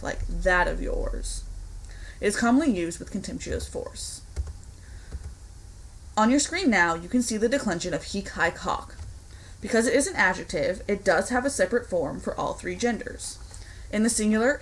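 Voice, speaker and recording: In a recorded online Latin lesson, a young woman instructor explains grammar clearly and deliberately, with the occasional slip of the tongue. Her voice is medium in pitch, and the recording quality is low.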